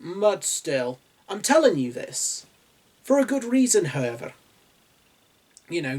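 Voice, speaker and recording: A man with a posh English accent, hosting a reflective video essay on writing in a musing, digressive way. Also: medium pitch. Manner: musing, digressive, with asides and chuckles. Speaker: writing channel host.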